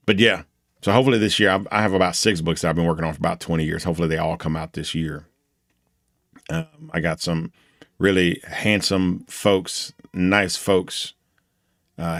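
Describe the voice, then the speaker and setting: A man with a very low, gravelly voice teaches a class over a video call. He talks in a loose, encouraging way and often restarts his sentences. The sound is close and dry. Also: no room sound. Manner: loose and motivational, with many restarts. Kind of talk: online class lecture.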